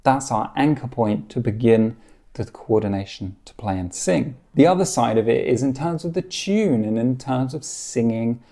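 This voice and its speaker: A man teaching a guitar lesson, explaining calmly and encouragingly, counting beats aloud and singing short snippets. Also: medium pitch, moderate pace.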